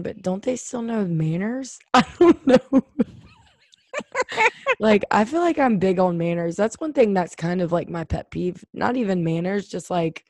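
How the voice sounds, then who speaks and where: A woman's voice: fairly low pitch, a little mellow, no room sound. A woman co-hosting a podcast, telling a story in a loose, chatty way with lots of fillers. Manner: chatty storyteller, frequent "like" and laughs. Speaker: podcast co-host. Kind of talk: casual chat.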